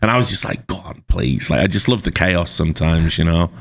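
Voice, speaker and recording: A man's voice: sits low, quick pace, fairly bright tone. A man, a journalist guest, telling laid-back, profane stories in a casual chat.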